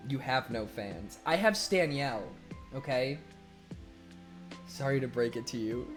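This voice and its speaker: A young man talks casually on a live stream, reading chat messages aloud in a middle-pitched voice. He laughs often, swears freely, and swings from loud bursts to low mumbles. Faint music plays quietly behind him. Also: expressive, a little slow.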